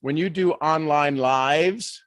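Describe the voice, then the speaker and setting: A man giving a motivational leadership talk on a live stream, animated, full of rhetorical questions and restarts. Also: on the high side, slow pace, dry recording. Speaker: leadership speaker.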